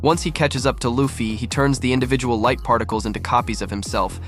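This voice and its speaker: A man giving a steady, matter-of-fact scripted recap of an episode's events. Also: mid-range voice, fast, faint music behind. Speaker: recap narrator. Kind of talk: scripted narration.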